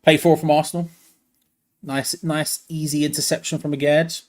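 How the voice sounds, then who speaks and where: Young man, fan watch-along host, light voice, animated and exasperated. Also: on the high side, normal speed. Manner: animated and excitable, laughing, frustrated groans. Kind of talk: live fan commentary.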